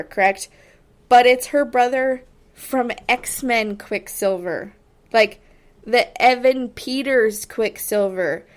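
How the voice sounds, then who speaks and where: A woman hosting a solo podcast, giving a chatty, casual recap with frequent fillers and animated asides. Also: on the high side. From Texas. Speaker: podcast host.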